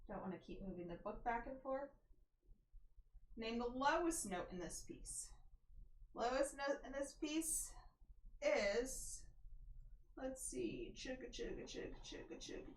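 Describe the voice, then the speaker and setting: A woman casually working through a music theory workbook, chatty and talking to herself as she goes through the answers. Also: a little high. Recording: echoey room with faint noise.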